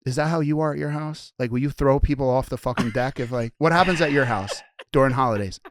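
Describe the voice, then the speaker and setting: A young man hosting a podcast, telling stories in a profane, animated way. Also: mid-range voice, fast, background noise. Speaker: podcast host. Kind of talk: casual podcast chat.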